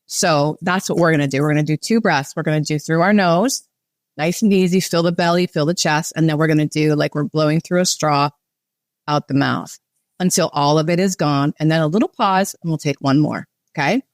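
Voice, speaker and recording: A woman breathwork facilitator, talking calmly and instructively as she guides a breathing exercise and explains it. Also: sits low, brisk, no room sound, clean studio sound. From United States. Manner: calm, instructive, guiding. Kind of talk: guided breathing and podcast chat.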